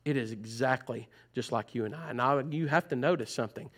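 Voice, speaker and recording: In a church sanctuary, a male pastor delivers his sermon like a conversation, poking fun at the listeners and imitating their grumbles. He speaks a little fast, with a medium-pitched, slightly bright voice.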